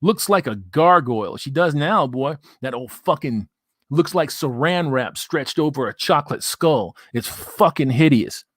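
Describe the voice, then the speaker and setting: A man's voice: a little high, lively intonation, unhurried, fairly bright tone, dry recording, studio quality. A man hosting a live stream, reading viewer comments and ranting in crude, profane, mocking banter. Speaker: livestream host.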